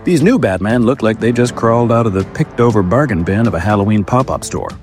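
A man giving a deadpan comic narration with a dry, wry delivery and mock-formal wording. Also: on the low side.

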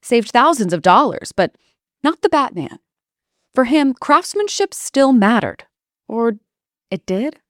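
A woman doing scripted comedic narration in a deadpan way, full of wry asides. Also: medium pitch, no echo.

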